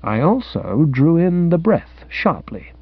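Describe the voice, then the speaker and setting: A man narrating a comic audiobook with a lively, mock-grand storytelling manner. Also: a little high, slow pace, husky, dry recording. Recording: dry, dull lo-fi recording.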